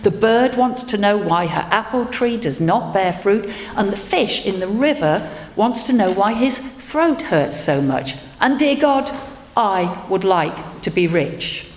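A woman's voice: mid-range voice, expressive, measured pace. A woman voicing a kind but foolish man on a journey, eager and earnest, in an echoey hall. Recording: echoey hall, faint noise.

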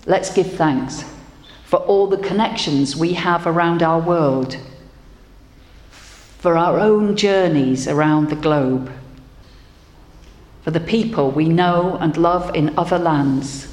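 A woman minister giving a gentle, reflective sermon and leading prayer. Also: fairly low pitch, takes it slowly, long pauses. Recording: roomy hall with faint ambience.

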